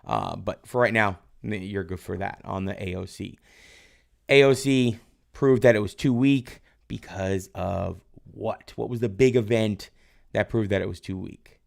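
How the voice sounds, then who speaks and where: Low gravelly-voiced male teacher. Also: fairly even intonation, unhurried. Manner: quizzes viewers and praises their answers from chat; loose, rambling, tag questions like "right?". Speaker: history teacher. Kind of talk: live-streamed exam review lesson.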